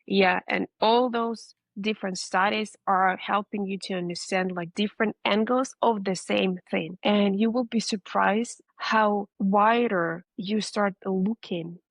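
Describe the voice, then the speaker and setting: A woman's voice: mid-range voice, fairly even intonation, measured pace, vocal fry, few pauses, no echo, poor audio. A woman guest in a conversational interview, talking in an earnest, encouraging way. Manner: earnest, encouraging, acts out reactions.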